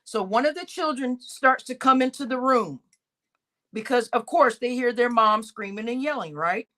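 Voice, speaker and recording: A woman hosting a casual commentary stream in a fairly high voice. She rambles, restarts her sentences and stumbles over words, then breaks into blunt exclamations as she talks her viewers through a played recording. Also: animated, moderate pace, sharp tone. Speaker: reaction stream host.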